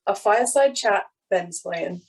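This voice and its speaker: A woman chairing a speech contest over a video call, brisk and formal. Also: medium pitch, expressive, darkish tone, slightly rough, low-quality recording. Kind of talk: formal event hosting.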